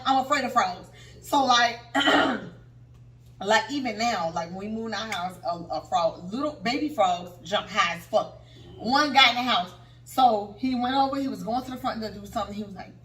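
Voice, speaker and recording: A woman co-hosting a casual podcast with a Southern US accent, telling stories in an excitable, laughing way. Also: on the high side. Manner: excitable, laughing, animated storyteller. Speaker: podcast co-host. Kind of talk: casual chat, storytelling. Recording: roomy, mic a bit far off.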